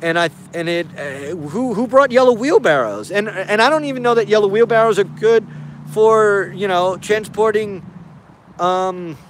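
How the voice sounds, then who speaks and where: A man's voice: high-pitched, animated, normal speed, a little hiss or hum. A man giving casual spoken commentary on video footage, hesitant and puzzled, often repeating himself.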